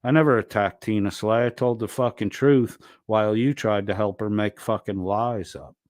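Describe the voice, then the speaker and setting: Profane, ranting man with a low voice. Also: fairly even intonation, normal speed, a little mellow, no room sound, clean studio sound. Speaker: streamer. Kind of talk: heated livestream argument.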